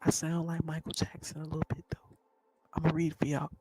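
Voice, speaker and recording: A man mimicking a soft-spoken, overly polite woman who greets and reads to viewers, in a hushed breathy tone. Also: a little high, monotone, fairly quick, lightly acted. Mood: mock polite.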